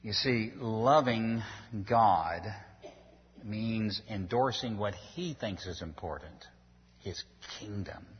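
In a low-sitting voice, a pastor earnestly pleads through his sermon, reaching emphatic peaks as he drives his points home. The dull lo-fi recording, made in a long-echo hall, has a little hiss or hum.

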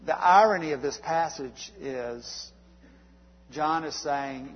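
A male pastor delivering a sermon in a conversational, halting way, with many fillers and restarts. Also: fairly high pitch, in a large hall, lo-fi sound. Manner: conversational preaching with frequent uhs and restarts.

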